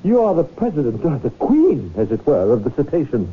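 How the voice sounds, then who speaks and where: High, swooping, pompous whale fanatic; old radio-play speech, thin tinny broadcast sound. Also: male voice, huge pitch swings, fairly quick, slight background noise. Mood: sanctimonious. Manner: grandiloquent, theatrical, preaching. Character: pompous eccentric man devoted to his whale. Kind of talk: 1970s radio drama acting.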